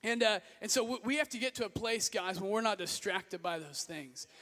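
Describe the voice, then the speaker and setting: A young man preaching an energetic youth sermon, often shouting his exhortations, with personal stories and playful asides. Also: sits high, brisk. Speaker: youth pastor. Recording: echoey hall.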